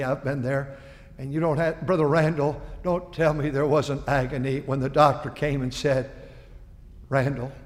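An older man preaching a sermon to his church, impassioned, swinging between quiet confiding and loud pleading. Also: medium pitch. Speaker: pastor. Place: church sanctuary. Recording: long reverb of a church hall.

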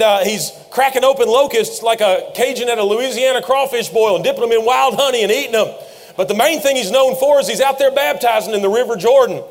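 A man preaching a sermon, retelling scenes with rising passion and frequent shouts. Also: extremely high pitch. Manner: impassioned storytelling preacher, often shouting.

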